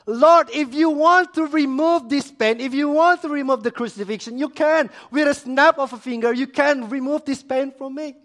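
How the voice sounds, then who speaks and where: A preacher takes on an anguished man crying out in prayer. The voice soars well above his usual register and grows loud and pleading. Each phrase strains upward with impassioned urgency. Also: very high-pitched, moderate pace, few pauses, pitched above the performer's own voice. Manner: impassioned, rising pleading cries. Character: anguished adult male praying figure, pleading.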